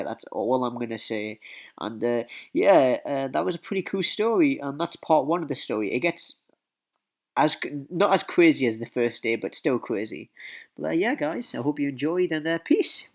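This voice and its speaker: A man's voice: mid-range voice, animated, normal speed. A man telling a casual storytime vlog story, rambling, repeating himself and swearing often. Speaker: vlogger.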